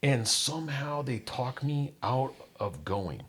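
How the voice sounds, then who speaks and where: Man, candid storyteller, mid-pitch, voices quotes, sinks low on painful memories. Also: sing-song, takes it slowly, fairly bright tone, a little hiss or hum. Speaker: guest. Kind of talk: personal storytelling.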